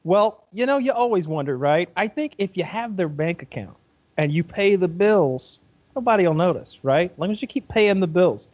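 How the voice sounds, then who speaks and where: A man's voice: high voice, expressive, normal speed, muffled recording. A man co-hosting a podcast, riffing in a joking, darkly comic way. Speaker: podcast co-host. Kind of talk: casual podcast banter.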